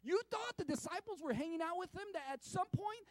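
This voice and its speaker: High-voiced conversational man preaching. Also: expressive, brisk, dry recording. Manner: conversational, repeats words, swings from loud to hushed. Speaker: pastor. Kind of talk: sermon.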